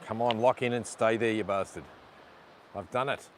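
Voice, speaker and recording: By the sea, a man with a low voice, fairly even intonation and normal speed live-streams as he battles his camera gimbal. His frustration shows in frequent swearing at the gear, mixed with apologies to viewers, over outdoor noise and passing vehicles.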